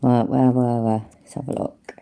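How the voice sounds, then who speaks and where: A woman's voice: extremely low pitch, little pitch movement, moderate pace, vocal fry, warm tone. A woman with a Leicester accent chatting casually on a live stream, rambling and swearing freely with frequent laughs. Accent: Leicester English.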